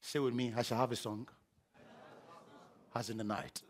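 A middle-aged man preaching a sermon, animated and humorous, acting out scenes with sound effects. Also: mid-range voice, moderate pace, a little hiss or hum. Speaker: pastor.

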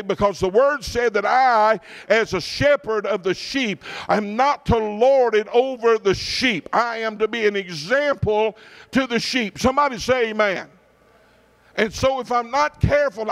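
Pastor, middle-aged man, folksy storytelling sermon with frequent asides to the congregation, a touch higher-pitched than most men. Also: normal speed. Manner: folksy preacher, checks in with the congregation often.

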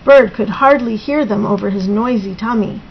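A woman reading a picture book aloud to a child in an expressive storytelling manner, on a dull lo-fi recording. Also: mid-range voice, normal speed, slight background noise.

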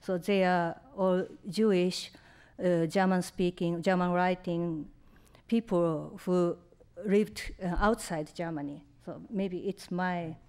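A Japanese woman in her fifties with a Japanese accent, an author answering questions in a slow, hesitant way as she searches for words. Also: on the low side, steady tone, a little mellow, clean tone. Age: 50s.

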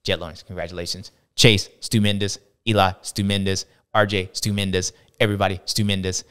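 Playful slangy man with a smooth voice. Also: little pitch movement, normal speed, fairly bright tone. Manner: playful, acts out other people's reactions in jumps of pitch; slangy, drawling delivery. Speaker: host of a racing talk show. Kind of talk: animated casual commentary.

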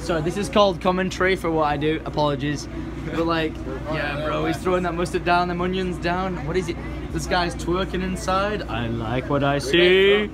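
Excitable, swearing young man, highish voice. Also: normal speed, a crowd in the background. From England. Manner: excitable, swears a lot, bursts of shouting. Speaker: vlogger. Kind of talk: casual vlog chat.

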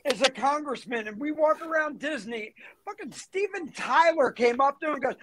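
Male co-host, brash and swearing, very high voice over a hissy call. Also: lively intonation, moderate pace. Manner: loud, profane, joking. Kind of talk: casual chat.

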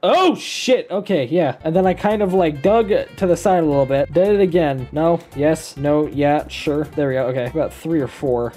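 A gameplay commentator talking casually while building in a game, excitable and self-mocking, swearing often and laughing a lot. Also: medium pitch, normal speed, hardly any pauses, faint music behind.

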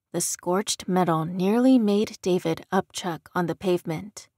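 A woman narrating an audiobook in a calm, measured storytelling manner. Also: fairly low pitch, no echo, clean studio sound.

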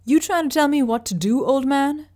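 An audiobook's furious young man, defiant and foul-mouthed, his voice pushed higher and louder as he lashes out, as a woman reads him. He spits insults in a raw, hot-tempered rush. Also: lively intonation, measured pace, close to an everyday voice. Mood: angry. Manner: shouting, spitting insults.

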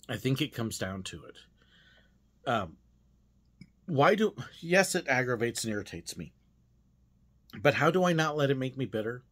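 A man's voice: medium pitch, breathy edge. A man hosting a devotional podcast, speaking in an earnest, self-searching monologue with frequent hesitations.

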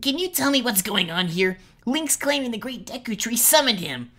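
Bratty forest kid, snide and scoffing, kinda high and loud, lady doing the voice. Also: big pitch swings, normal speed. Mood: sneering. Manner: sneering, scoffing. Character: sneering bratty boy, older forest child.

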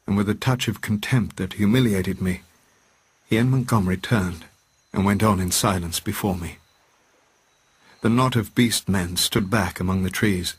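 A man reads a classic novel aloud in a steady, measured way. His voice sits low and carries a husky edge. The delivery is even and unhurried, like a book reading. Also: no room sound. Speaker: narrator. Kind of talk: audiobook reading.

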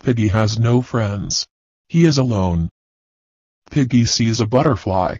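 A man teaching, reading a children's story and class activities aloud slowly and deliberately. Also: on the low side, darkish tone, no room sound. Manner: slow, deliberate, clear reading. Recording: dull, dry lo-fi recording.

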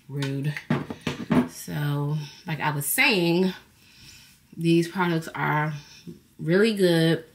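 Low-voiced slangy woman vlogger. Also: a little hiss or hum. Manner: relaxed, slangy, chatty. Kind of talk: casual vlog chat.

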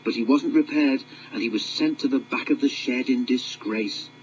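A man voicing a steady, good-natured male engine who tells a cautionary tale in a calm, kindly way. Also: medium pitch, normal speed, slight background noise, close to an everyday voice. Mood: wise. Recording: dull lo-fi audiobook with music.

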